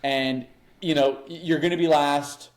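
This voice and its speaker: A man's voice: a little high, fairly even intonation, measured pace. A man co-hosting a podcast in casual chat, blunt and opinionated, stressing his points emphatically. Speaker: podcast co-host.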